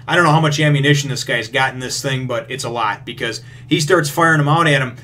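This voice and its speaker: A man hosting a manga review, recapping a chapter in a rambling way with lots of fillers and casual swearing, getting excited over the action. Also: medium pitch, fast, a little hiss or hum. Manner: gets excited retelling action.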